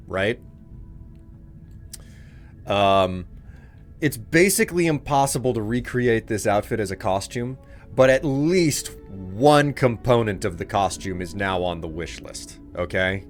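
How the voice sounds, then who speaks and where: A man's voice: lowish voice, lively intonation, unhurried, soft background music. A man streaming a video game live, joking around and talking casually to his chat. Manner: joking, chatty, talks to chat.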